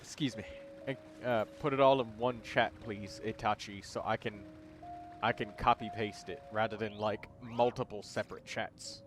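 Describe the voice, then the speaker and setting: Brief: male livestream host, lowish voice, easygoing and rambling, chatting over clear game music. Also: normal speed. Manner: relaxed, rambling, with fillers. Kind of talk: casual livestream chat.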